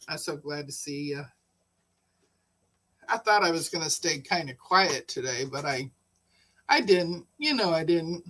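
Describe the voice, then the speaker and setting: Slow-talking chatty woman storyteller. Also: low voice, animated, fairly bright tone, rough recording. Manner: chatty, laughs often while telling stories. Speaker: livestream host. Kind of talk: casual storytelling chat.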